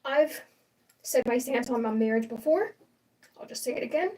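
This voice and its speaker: High-voiced rambling woman livestreamer. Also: animated, moderate pace, dark tone, recorded from a distance, low-quality recording. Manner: rambling and opinionated, full of fillers and restarts. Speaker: livestream host. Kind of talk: casual livestream chat.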